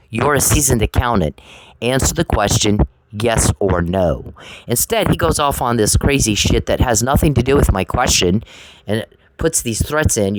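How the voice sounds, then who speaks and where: A woman's voice: extremely low pitch, lively intonation, moderate pace, noisy background. A woman ranting straight at an adversary in a confrontational, sarcastic, profane way, often repeating herself. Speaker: vlogger addressing an adversary. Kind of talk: angry direct-to-camera rant.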